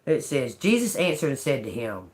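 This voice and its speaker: Loud, laughing, foul-mouthed woman livestreaming. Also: moderate pace. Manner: loose, profane and animated, laughing often; swings between loud outbursts and low asides. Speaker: tarot reader and livestream host. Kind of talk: casual livestream chat and Bible reading.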